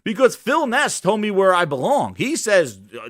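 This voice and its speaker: Animated man ranting on a show. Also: high voice, normal speed, no echo, studio quality. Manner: loud, ranting, profane, acts out bits. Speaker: host. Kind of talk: animated solo gaming commentary.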